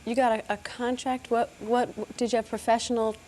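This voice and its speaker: Woman interviewer asking quick questions. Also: on the high side, flat delivery, a little mellow. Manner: quick probing questions, some stumbles.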